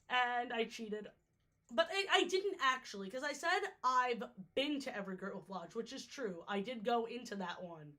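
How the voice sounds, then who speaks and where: A woman's voice: fairly high pitch, animated, normal speed, pushed and bright. A young woman from New York chatting casually on a livestream, jokey and easily sidetracked, her voice a little worn out. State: slightly worn-out voice. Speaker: streamer ranking water parks.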